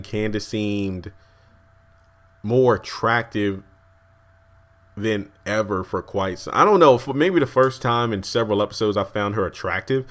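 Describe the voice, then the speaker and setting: A man with a slightly low voice reviews a TV episode in a loose, chatty way. He rambles, restarts his sentences and keeps breaking into chuckles as he talks. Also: fairly bright tone. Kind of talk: casual video review.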